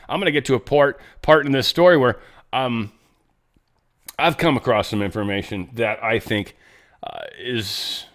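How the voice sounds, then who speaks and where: A man's voice: mid-range voice, fairly bright tone. A man hosting a casual political commentary show, rambling and restarting his thoughts with irreverent, jokey asides. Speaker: show host.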